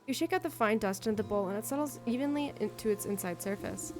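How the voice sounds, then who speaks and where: A young woman streamer reading game text aloud as she plays, expressive, with loose chatty asides. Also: fairly high pitch, fast talker, over music.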